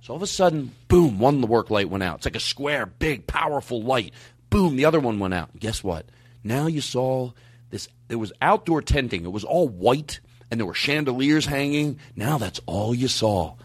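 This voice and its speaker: A man hosting a podcast, telling stories in casual, animated, profane comedic chat. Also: mid-range voice, moderate pace, husky, no room sound. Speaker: podcast host.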